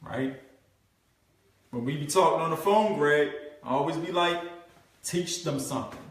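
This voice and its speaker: A man coaching a group on marketing, animated and repetitive, often checking in with "right?", acting out what his prospects think. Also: on the high side, moderate pace. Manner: animated, acts out prospects' thoughts. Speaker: network marketing trainer. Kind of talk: live group coaching session. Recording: very echoey room, mic far off.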